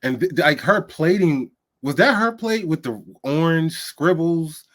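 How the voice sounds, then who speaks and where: A man's voice: fairly high pitch, lively intonation, unhurried, a bit bright. A young man co-hosting a podcast, chatting casually about a cooking show in a laid-back, slangy way and laughing often. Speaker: podcast co-host.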